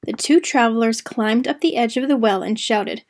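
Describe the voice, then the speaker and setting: Expressive woman reading a children's story. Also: on the high side, normal speed, few pauses.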